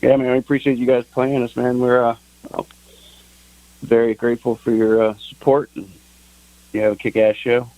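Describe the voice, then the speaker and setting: A man from a band, guesting on a radio show, talking in a relaxed way with dry humor. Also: mid-range voice, moderate pace, long pauses, dry recording, low-quality recording. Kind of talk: casual interview chat.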